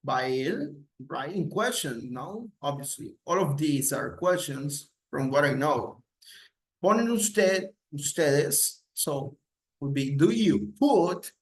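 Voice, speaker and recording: A man with a slightly high voice and lively intonation teaches English grammar to Spanish speakers in a slow recorded lesson. He repeats example questions with rising intonation and switches between English and Spanish.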